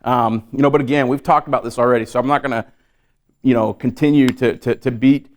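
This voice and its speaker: Male safety instructor, mid-pitched and smooth, casual and filler-heavy delivery to a live class. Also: steady tone, fairly quick, darkish tone. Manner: conversational, many fillers and repeats. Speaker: safety trainer. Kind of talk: live training talk.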